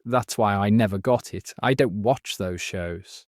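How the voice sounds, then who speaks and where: A man playing a quiz contestant, confident and quick to object. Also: on the low side, darkish tone. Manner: confident, indignant. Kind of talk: casual banter.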